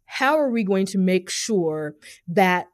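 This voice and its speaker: A woman's voice: medium pitch, lively intonation, slow, no echo, studio quality. A woman speaking as a podcast guest in casual conversation, passionate and emphatic, often repeating phrases as she builds a point.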